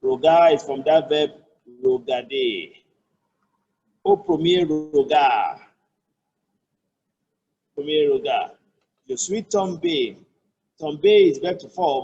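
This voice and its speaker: This online French lesson comes from a Nigerian-accented tutor who patiently breaks down and repeats every phrase, offering slow, careful examples. His voice is a little high and sing-song, with vocal fry and a slightly mellow, husky sound, in a muffled recording.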